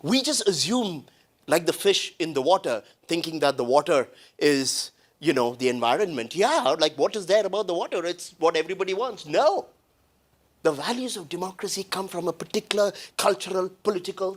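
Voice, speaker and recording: Man from india giving a talk, blunt and emphatic, slightly high voice, lots of restarts and uhs. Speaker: conflict facilitator speaking at a breakfast talk. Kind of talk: animated public talk.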